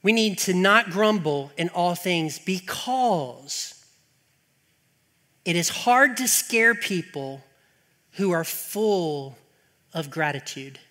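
A middle-aged man preaching in a church sanctuary, his high, bright voice ringing out with a long hall reverb. He swings into animated, exasperated rants full of rhetorical questions, then settles back into earnest teaching. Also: slow pace, pauses often. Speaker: pastor. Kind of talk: sermon.

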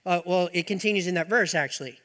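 High, bright-voiced earnest preacher. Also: male voice, fast talker. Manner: earnest, rising to emphatic then dropping soft. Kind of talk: sermon. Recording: reverberant hall.

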